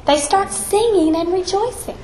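A woman teaching a women's Bible study, telling the story with animated flair and then leading a prayer in a church room. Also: extremely high pitch, normal speed. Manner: animated storytelling, acts out quoted voices. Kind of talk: Bible lesson and closing prayer. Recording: echoey room with faint background noise.

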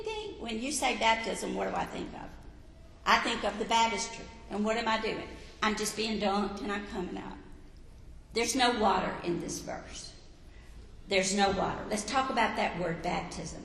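Woman preaching slowly in an echoey hall. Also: medium pitch, creaky, slight background noise. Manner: emphatic, rising to loud peaks, tells listeners to write it down. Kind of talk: sermon. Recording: echoey hall with long reverb.

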